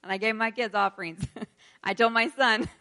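A woman's voice: fairly high pitch, steady tone, normal speed, bright, forceful tone. Chatty woman preaching with laughs. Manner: chatty, laughs often, leads prayer. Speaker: pastor's wife leading a church service. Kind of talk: casual sermon.

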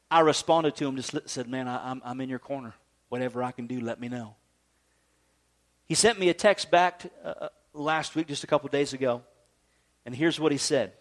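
A man preaching a sermon, swinging between emphatic high peaks and low, soft stretches. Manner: animated preaching, rising to emphatic highs then dropping low and soft. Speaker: pastor.

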